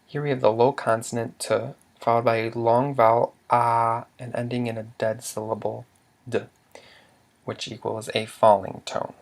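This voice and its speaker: A man's voice: mid-range voice, little pitch movement, moderate pace, few pauses. A man teaching a language lesson, explaining rules patiently step by step with some fillers.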